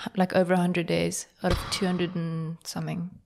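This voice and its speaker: South african woman, comedy podcast co-host, fairly low voice, chatty banter. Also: monotone, a little fast, gravelly, a little mellow. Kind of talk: comedic casual chat.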